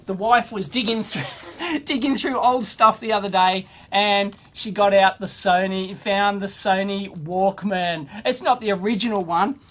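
Unboxing viewer mail for an electronics video, a middle-aged host keeps up casual commentary full of exclamations, blunt scorn and wandering asides. He has a high-pitched, slightly bright voice and a measured pace.

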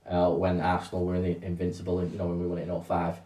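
A man in casual football podcast chat, chatty and quick to laugh. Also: low-pitched, completely flat delivery, mellow, far from the mic. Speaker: podcast co-host or guest. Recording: roomy sound, slightly off-mic, faint noise.

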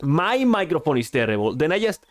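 A man's voice: very animated, fairly quick. A man streaming a game, speaking English as a second language, rambling and joking at himself about his push-to-talk microphone. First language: not English. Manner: rambling, self-mocking, restarts often. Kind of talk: casual gaming chat. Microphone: gaming microphone with push-to-talk. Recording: low-quality stream audio with faint music.

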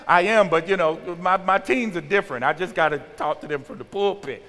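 A man in his forties, a youth pastor giving an animated sermon and acting out teenagers' talk. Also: a little high, quick pace, few pauses. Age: 40s. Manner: animated, acts out teen slang with exaggerated voices. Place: church sanctuary. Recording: large hall with long reverb.

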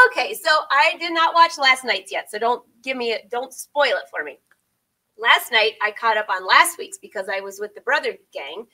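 A woman's voice: sits high, bright, forceful tone, low-quality recording. A middle-aged woman chatting casually with viewers from her sewing studio, rambling and laughing often. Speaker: sewing vlogger and pattern designer. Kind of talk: casual live chat with viewers.

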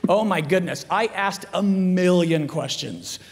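A middle-aged man giving a storytelling talk in a school chapel, acting out the dialogue in lively character voices. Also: high-pitched, unhurried. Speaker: chapel speaker. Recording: echoey hall with long reverb.

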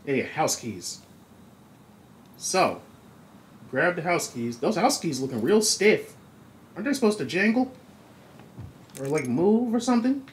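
A man's voice: fairly high pitch, very animated, measured pace, pauses often, a little hiss or hum, poor audio. A man hosting a video game playthrough, chatting along and reading the on-screen text aloud. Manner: chatty, reads on-screen text aloud, comments on small details. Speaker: gaming channel host. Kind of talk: let's play commentary.

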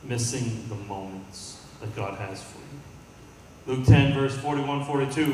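A man's voice: medium pitch, little pitch movement, slow pace, a little mellow, slight background noise. A male pastor preaching a sermon to his congregation, drawing call-and-response from the room. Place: church sanctuary. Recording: echoey hall, mic at a distance.

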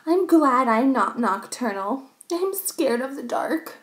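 A high, squealing little girl, fussy and easily scared, put on by a woman reading aloud. Her voice leaps up and down as she whines. It is a children's storybook reading at an unhurried pace. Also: lively intonation, echoey room. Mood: frightened. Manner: whining, squealing.

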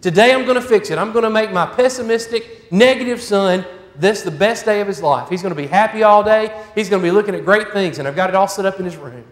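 A woman's voice: medium pitch, quick pace, lightly acted. A man with a Southern US accent voicing a doting mother in a sermon story, coaxing and fussing over her boys. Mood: scheming. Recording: echoey church hall.

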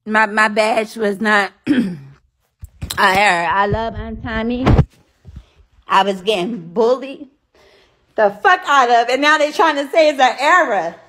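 A woman's voice: a little high, a little slow, pauses often. A woman hosting a live stream, talking straight to her viewers, thanking commenters and venting bluntly with swearing. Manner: animated, addresses viewers directly and thanks commenters. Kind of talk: casual live stream chat.

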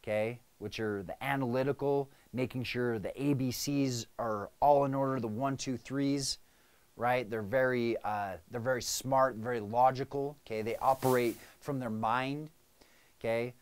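A man's voice: mid-range voice, fairly even intonation, normal speed, clean tone. A man coaching his viewers in casual talk to camera, often tagging his points with "right?" and "okay?". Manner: conversational, frequent "right?" and "okay?" check-ins. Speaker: business coach.

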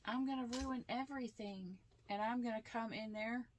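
A woman's voice: on the high side, moderate pace, a little hiss or hum, voice pushed up, close to an everyday voice. A woman voicing a whiny, self-pitying woman who plays the victim, in a mock-innocent tone.

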